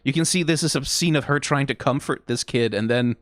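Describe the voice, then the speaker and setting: A man streaming a casual reaction, analyzing scenes closely, swearing freely and getting emotional and excitable. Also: medium pitch, fairly quick, dry recording. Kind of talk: casual video commentary.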